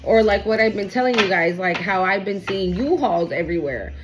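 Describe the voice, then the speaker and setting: This tarot reader, a woman, speaks fairly quickly at medium pitch with lively intonation against a noisy background. Her reading is casual and full of swearing, and she keeps checking in with "okay?"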